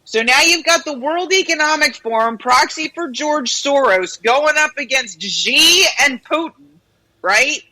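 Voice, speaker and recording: Woman radio host, high voice, bright tone, ranting, blunt, swears. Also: animated, a little slow, rough recording. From United States. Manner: opinionated, ranting, swears freely. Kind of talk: casual radio chat.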